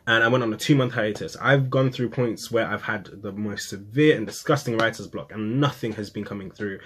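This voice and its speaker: A young man, a poet and vlogger, telling a personal story in casual talk to camera, acting out quotes with sudden high, excited bursts. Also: slight background noise.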